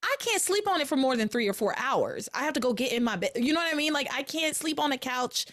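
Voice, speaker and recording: A woman's voice: sits high, fast talker. A woman hosting a podcast, chatting casually as she recaps soap opera episodes and briefly acts out the characters. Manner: animated, acts out quotes in character voices. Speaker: podcast host.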